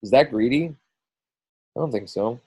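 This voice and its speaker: Middle-aged male coach on a team call. Dark, mellow tone on a dry close mic. Casual and rambling, with lots of restarts. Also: mid-range voice, lively intonation, normal speed, breathy edge, no echo, rough recording. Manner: rambling, full of restarts and quoted asides.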